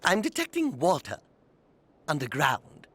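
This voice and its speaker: A fussy by-the-book robot officer. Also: male voice, fairly high pitch, huge pitch swings, unhurried, fairly bright tone, exaggerated voice. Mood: precise. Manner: technical, precise, wordy. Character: precise, jargon-loving male robot officer. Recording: music underneath.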